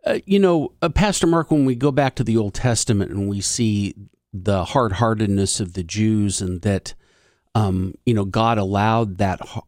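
A man's voice: lowish voice, moderate pace, darkish tone, no room sound, clean studio sound. A man co-hosting a talk show, asking long, hesitant questions with many fillers. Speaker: co-host.

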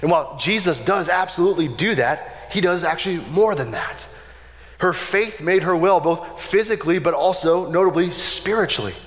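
A man preaching a sermon in a relaxed, conversational way, often checking in with "right?". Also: high-pitched, normal speed. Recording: long hall reverb.

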